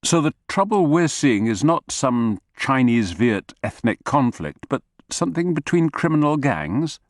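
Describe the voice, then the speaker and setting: A man's voice: mid-range voice, very animated, unhurried, dry recording, pitched above the performer's own voice. An earnest, probing policeman, as a male narrator reads him, asking questions in a slightly lifted voice. The sound is dry and close. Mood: inquiring.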